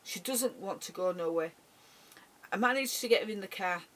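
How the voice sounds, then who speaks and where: A middle-aged woman speaking in an emotional personal vlog monologue, halting and often repeating her words. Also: medium pitch, fairly bright tone. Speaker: vlogger.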